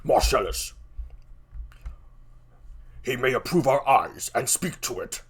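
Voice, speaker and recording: A man voicing an earnest, gruff male officer of the watch, low and deliberate. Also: expressive.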